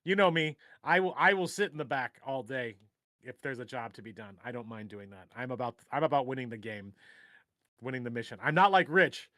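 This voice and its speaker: Clean studio sound with no echo carries this man's mid-range, animated voice, fairly quick and sharp in tone. He's a livestream co-host from Minnesota, rambling through casual chat and jokes before fading into mumbles.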